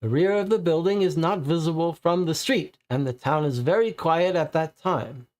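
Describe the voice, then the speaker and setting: Brief: man reading as a nervous male suspect, higher voice, insistent and pleading. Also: normal speed, darkish tone, close to an everyday voice. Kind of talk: read-aloud case file role-play.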